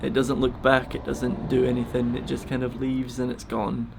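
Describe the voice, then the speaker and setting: A man talking casually and emotionally in a vlog, soft and halting, close to tears. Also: mid-range voice, monotone, creaky, background noise. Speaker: vlogger feeding a wild bird. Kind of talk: casual heartfelt vlog talk.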